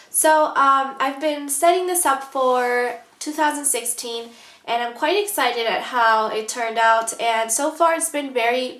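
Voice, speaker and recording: A woman's voice: a little high, fairly bright tone, roomy sound. Stuffy-nosed woman vlogger, chatty. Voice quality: nasal, stuffy. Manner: chatty, many ums. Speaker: planner vlogger. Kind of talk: casual show-and-tell vlog.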